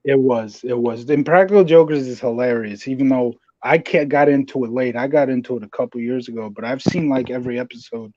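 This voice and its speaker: A man's voice: mid-range voice, fairly quick, few pauses, a little mellow, dry recording, muffled recording. A man hosting a podcast, chatting casually and swearing while he retells wrestling scenes. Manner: casual, profane, retells scenes in put-on voices. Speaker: podcast host. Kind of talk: casual wrestling review chat.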